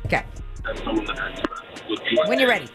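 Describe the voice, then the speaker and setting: A woman hosting a morning radio show, chatting and teasing in a lively, sing-song way. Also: unhurried, over loud music. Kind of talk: casual radio banter.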